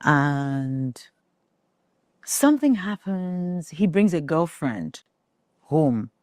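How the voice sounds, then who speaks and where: A woman's voice: low-pitched, very animated, very slow, darkish tone, no echo. A Nigerian woman telling a family story as an interview guest, acting out the voices of the people in it.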